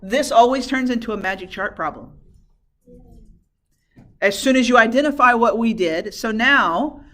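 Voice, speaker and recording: A woman's voice: a little high, normal speed, pushed and bright, faint music behind. A woman math teacher lecturing a class in a classroom, asking questions and answering them herself.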